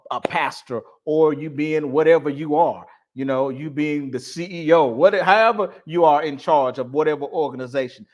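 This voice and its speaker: Man, host, slightly high voice, blunt, laughing commentary. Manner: blunt, swings between laughing and stern. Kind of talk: casual commentary on a video clip.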